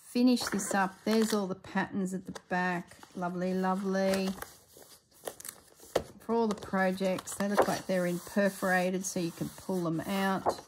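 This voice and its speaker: A woman's voice: lowish voice, noisy background. A woman chatting casually as she reviews a craft book, exclaiming and thinking aloud, often trailing off mid-sentence.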